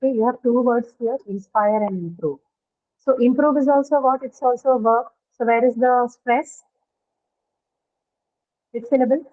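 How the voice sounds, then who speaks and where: Woman, phonetics teacher, higher voice, tinny phone-like line, explains and quizzes. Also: moderate pace, pauses often. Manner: explains step by step, asks students questions. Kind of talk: online class lecture. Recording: tinny phone-like call audio.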